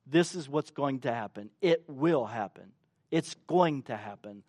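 Male pastor, sermon, slow measured delivery, dry recording, acts out quotes. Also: fairly high pitch, no echo. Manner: animated, acts out quotes, asks the congregation questions.

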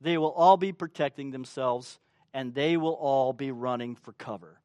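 A male pastor delivers an animated sermon at a moderate pace, his medium-pitched voice captured in a dry recording. He acts out quotes and puts questions to the congregation.

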